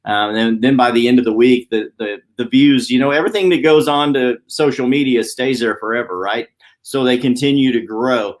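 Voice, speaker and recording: A man hosting a weekly motivational live stream from a downtown office, talking fast and chatty. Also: mid-range voice. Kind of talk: casual live-stream talk.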